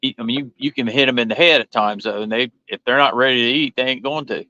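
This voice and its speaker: Laid-back bright-voiced man, muffled. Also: mid-range voice, quick pace. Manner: laid-back, explains things plainly. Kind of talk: casual chat on a fishing livestream.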